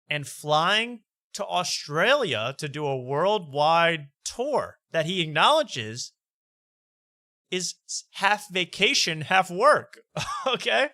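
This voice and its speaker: A man's voice: a little high, bright, forceful tone, dry recording, studio quality. A man hosting a late-night comedy talk show, reading posts aloud mockingly with laughter. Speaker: host.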